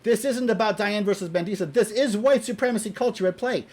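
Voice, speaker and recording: A man giving a heated, profane opinion rant to camera. He is exasperated, repeats himself when worked up, and swings between loud outbursts and muttered asides. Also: high-pitched, normal speed, few pauses. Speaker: video blogger.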